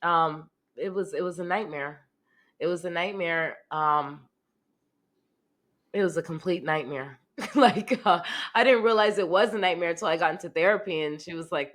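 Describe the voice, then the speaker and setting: Female interview guest, slightly low pitch, candid, halting and searching. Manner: halting, searching for words, laughs often.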